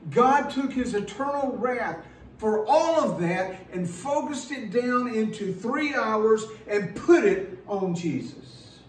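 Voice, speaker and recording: A pastor preaching a sermon in an earnest, emphatic way, slowing down and repeating words as he builds a point. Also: high-pitched, lively intonation, reverberant, far from the mic, slight background noise, rough recording.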